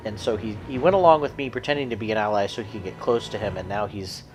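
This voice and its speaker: A man's voice: on the low side, quick pace, faint music behind. A man streaming a video card game, thinking aloud and explaining the rules as he plays. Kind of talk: casual streaming commentary.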